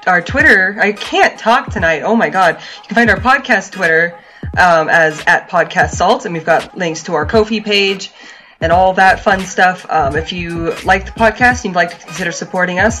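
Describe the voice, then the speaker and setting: Low-voiced woman reading podcast plugs. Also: a bit bright. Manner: dry, brief replies, then reads the outro plugs. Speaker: podcast co-host. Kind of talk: casual chat and show sign-off.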